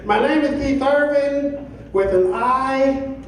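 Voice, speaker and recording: Middle-aged guy doing crowd work at a comedy club, high voice, far off mic, loud echo. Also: slow pace. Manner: crowd work, loose and joking. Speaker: stand-up comedian. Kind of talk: live stand-up set. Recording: echoey club from a distance. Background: audience laughter.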